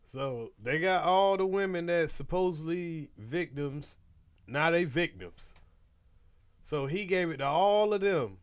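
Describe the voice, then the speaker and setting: A man's voice: a little high, expressive, measured pace, clean tone. Blunt man doing reaction commentary. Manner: blunt, preachy, slangy asides. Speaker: reaction video host.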